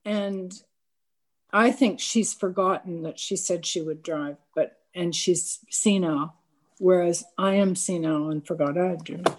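A woman's voice: fairly low pitch, measured pace. A woman telling a personal anecdote to a gathered audience, candid and self-mocking, acting out bits of dialogue and often stammering into restarts.

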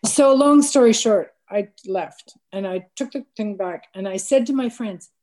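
A woman's voice: mid-range voice, unhurried. Woman telling a candid, self-mocking anecdote. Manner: candid, self-mocking storytelling with lively quoted dialogue; frequent stammered restarts. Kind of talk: personal anecdote told to a gathered audience.

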